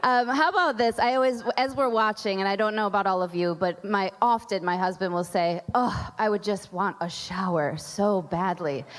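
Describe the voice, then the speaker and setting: A chatty woman moderates a live panel, her voice at a middle pitch. It rings out through a large hall with long reverb. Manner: chatty, laughs often.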